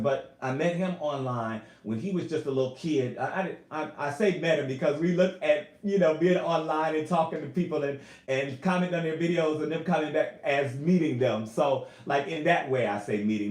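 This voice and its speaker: A man's voice: mid-range voice, reverberant. A man, a singer and YouTuber, chatting casually on a live stream from home, earnest and emotional as he talks to his viewers. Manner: emotional, earnest, animated, addresses viewers as y'all.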